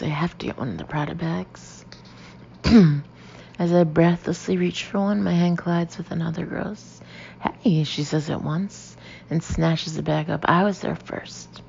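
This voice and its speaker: A woman reading a first-person audiobook in a lively, expressive way. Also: low-pitched, measured pace, gravelly. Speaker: audiobook narrator. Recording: dull lo-fi audio, faint hiss.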